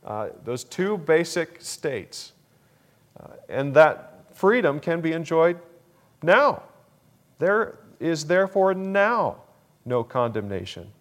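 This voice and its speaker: Slow, deliberate male preacher. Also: a little high. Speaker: pastor. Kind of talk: sermon.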